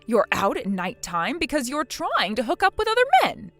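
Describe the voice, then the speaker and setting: A woman's voice: fairly high pitch, huge pitch swings, normal speed, a bit bright, soft background music, exaggerated voice. A woman voicing a bossy, scornful middle-aged mother-in-law in a text-message drama, harsh and scolding.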